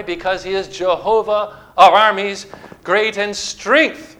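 A man's voice: sits high, pushed and bright. A man preaching a sermon, reading scripture aloud and delivering it emphatically.

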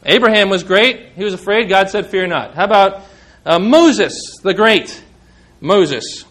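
A man's voice: high voice, animated, unhurried, a bit bright. A man preaching a sermon to his congregation, quoting scripture with rising emphasis and turning to the listeners with conversational questions. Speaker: pastor.

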